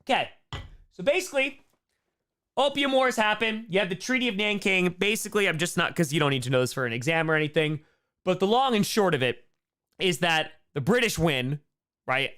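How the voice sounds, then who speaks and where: A young man teaching a live-streamed history lesson, animated and jokey, tossing in sarcastic asides and quick mock dialogue while answering chat. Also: high-pitched.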